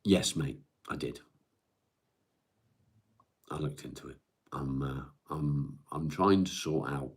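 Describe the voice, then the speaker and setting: A middle-aged man hosting a live stream, chatting in a weary, halting way with many restarts. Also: a bass voice, a little mellow, slightly rough. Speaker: live-stream host reading viewer comments. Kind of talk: casual chat.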